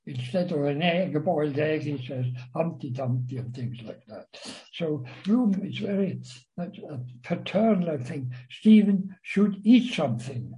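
A man lecturing on a novel, reading passages aloud and commenting on them in a slow, halting way with frequent pauses and fillers. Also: a little high, animated, dark tone, low-quality recording. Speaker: literature lecturer.

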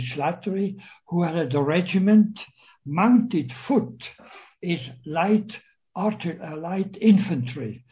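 Man lecturing, high voice, slow and halting, reads quotes louder. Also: rough recording. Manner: slow, hesitant, many uhs, reads quoted lines with raised voice. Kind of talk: literature lecture, reading and explaining a text.

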